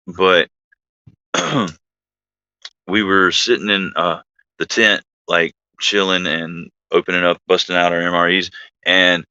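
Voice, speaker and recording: A man's voice: sits low, pushed and bright, clear, resonant tone, no echo, dull audio. A man hosting a livestream, telling a rambling army anecdote in a casual way, full of fillers and asides to his chat. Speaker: livestream host, army veteran. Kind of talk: casual storytelling.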